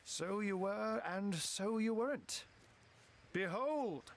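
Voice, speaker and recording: A theatrical cat-wizard from a fantasy game, witty and genteel, who wraps every line in feline wordplay. His voice sits high and swoops widely, and he savours each flowery phrase. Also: lively intonation, slow, full character voice. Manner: flowery, playful, full of cat puns. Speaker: game character.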